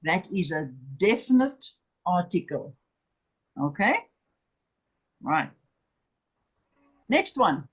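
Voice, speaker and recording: A husky, breathy voice teaches at an extremely unhurried pace, lingering on every syllable. The teacher drills each word several times over and keeps asking whether the class is following. The delivery is patient and deliberate, like a lesson for beginners. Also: medium pitch, very animated, poor audio. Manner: drills words by slow repetition; patient, checks understanding with "okay?" and "remember". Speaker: Hebrew teacher. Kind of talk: classroom lecture.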